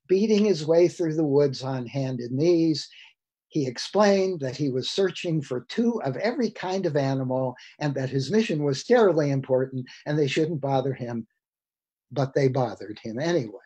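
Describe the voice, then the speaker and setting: A man in his sixties gives a talk over a video call, reading from a book and breaking off for wry comments to his audience. His voice sits a little high for a man, and he tells the story with relish. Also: darkish tone. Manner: storytelling, wry asides to listeners. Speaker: lecturer. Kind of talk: lecture with reading aloud from a book.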